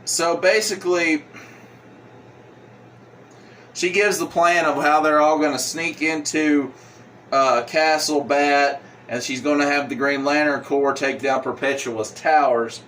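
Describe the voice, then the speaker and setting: A man's voice: on the high side, steady tone, measured pace, fairly bright tone, distant mic, a little hiss or hum. Rambling man retelling a comic. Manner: rambling, with fillers. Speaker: comic book reviewer. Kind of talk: casual retelling.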